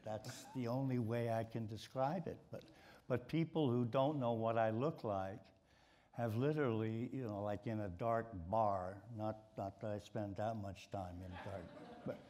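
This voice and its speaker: A man's voice: on the low side, a little slow, mellow. An older man with a mid-Atlantic American accent, telling stories on stage with many repeated words. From Baltimore, USA. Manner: storytelling, with frequent repeated words. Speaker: guest, sports writer. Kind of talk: stage conversation. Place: stage before a live audience.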